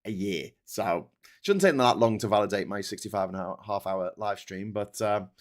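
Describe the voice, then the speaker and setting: A man's voice: fairly low pitch, moderate pace. A British man in his fifties hosting a casual live stream, reading viewer comments and ranting with plenty of swearing and restarts. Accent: British English. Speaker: livestream host.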